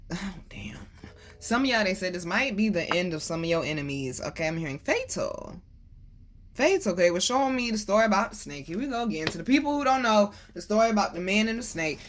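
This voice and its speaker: Animated woman doing a preachy tarot reading. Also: medium pitch. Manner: animated and preachy, calls listeners baby and boo, swears freely. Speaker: tarot reader. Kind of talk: casual tarot reading to viewers.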